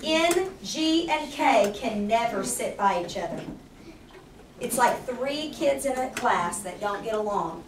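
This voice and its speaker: A woman teaching a third grade spelling lesson, asking the class question after question and slowing down to explain each rule. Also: high-pitched. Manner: patient, questioning, slows down to explain. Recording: roomy, distant, noisy classroom recording.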